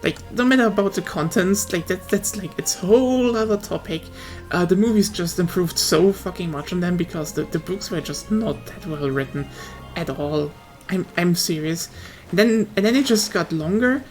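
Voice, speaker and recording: A woman's voice: lowish voice, lively intonation, moderate pace, a little mellow, soft background music. A woman streamer, not a native English speaker, chatting casually on a livestream in a rambling, swearing, self-mocking way.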